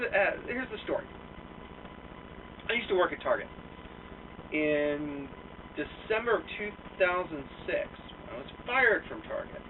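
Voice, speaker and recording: Heard from a distant mic with slight background noise, a young American vlogger with a high-pitched voice rambles through a profane, self-mocking story full of fillers. The sound is tinny and lo-fi, captured off mic.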